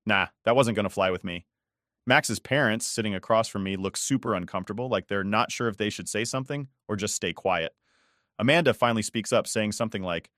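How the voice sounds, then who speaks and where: Male narrator, lowish voice, conversational and exasperated, scripted story read. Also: brisk, fairly bright tone, no echo, studio quality.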